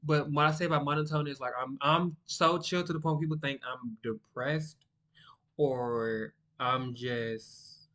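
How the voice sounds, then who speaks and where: A young man, chatting casually and rambling to the camera, by his own account monotone. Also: a little high. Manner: rambling, sidetracked, self-described monotone. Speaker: vlogger.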